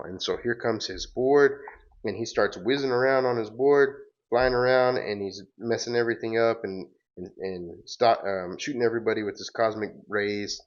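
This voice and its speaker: Low-voiced man retelling a comic, lo-fi. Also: normal speed. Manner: retells panels loosely, with fillers and self-corrections. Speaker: comic book reader and host. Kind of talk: casual reading aloud with commentary. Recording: dull lo-fi sound.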